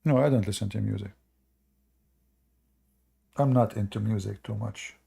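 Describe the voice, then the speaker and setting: Guy chatting loosely on a stream, gravelly, kinda dark voice, lots of uh and you know. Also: fairly low pitch, normal speed. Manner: rambling, many fillers and restarts. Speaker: religious commentator answering viewers. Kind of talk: casual livestream chat.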